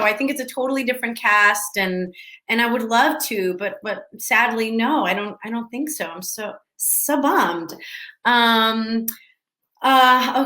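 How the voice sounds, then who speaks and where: A woman talks with fans over a video call, her voice bright and forward. She rambles, restarts her sentences and keeps the chat loose and casual. The room around her rings with a noticeable echo. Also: medium pitch. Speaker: actress answering fan questions. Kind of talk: casual virtual Q&A. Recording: echoey room.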